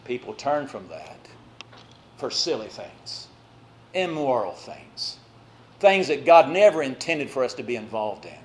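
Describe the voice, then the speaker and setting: A male preacher giving a sermon, swinging between loud exhortation and quiet, drawn-out phrases, with conversational asides to the congregation. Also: medium pitch, very animated.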